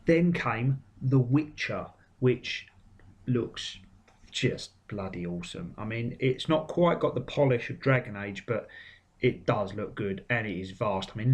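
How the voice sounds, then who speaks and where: A man giving blunt, sweary, opinionated commentary on video game trailers. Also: fairly low pitch. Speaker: game vlogger. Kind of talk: casual commentary.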